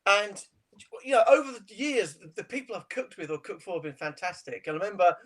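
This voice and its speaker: A middle-aged man with a high voice that leaps all over the place as he spins his anecdotes. He laughs often and keeps the chat light and animated, like a seasoned TV chef sitting down as a guest. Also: a little fast. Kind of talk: casual interview chat.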